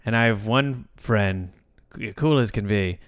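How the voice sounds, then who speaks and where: A man's voice: on the low side, unhurried. A man co-hosting a podcast in casual chat, rambling and self-mocking, often slipping into silly voices, recording indoors at night. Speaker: podcast co-host.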